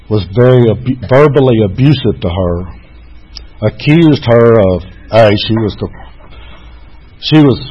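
A man's voice: on the low side, breathy edge. A man in his sixties frankly telling his own recovery story, mocking himself at times. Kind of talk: candid personal testimony. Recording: dull, muffled recording.

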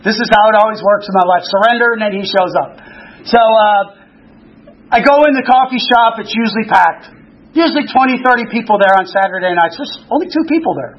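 A man in his sixties, an earnest and animated storyteller, sharing his recovery story at a meeting. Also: sits high, fairly quick. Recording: dull lo-fi recording.

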